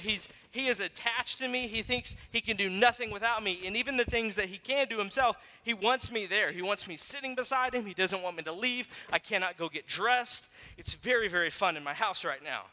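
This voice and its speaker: A man in his thirties, a pastor giving a sermon in a conversational, animated storytelling way, acting out voices. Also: sits high, a little fast, few pauses, in a large hall.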